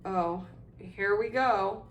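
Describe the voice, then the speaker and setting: A woman's voice: mid-range voice, expressive, moderate pace, roomy sound, slight background noise, close to an everyday voice. Nearly Headless Nick, a woman doing a stiff ghost lord. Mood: bitter. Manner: stiff, formal. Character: proud, touchy male ghost nobleman. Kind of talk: audiobook reading.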